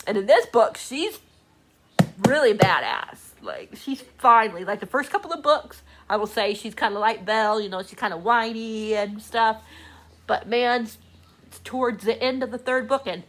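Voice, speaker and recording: A woman chatting casually in a book vlog, gushing and excitable, laughing often, talking from a room at home. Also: on the high side, a little hiss or hum. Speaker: book vlogger. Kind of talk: casual reading vlog chat. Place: home room with door open.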